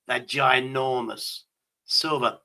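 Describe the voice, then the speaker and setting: A man's voice: medium pitch, steady tone, slow, gravelly, sharp tone, poor audio. A man from Britain hosting a stream, telling rambling stories in crude casual banter and swearing constantly. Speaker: stream host.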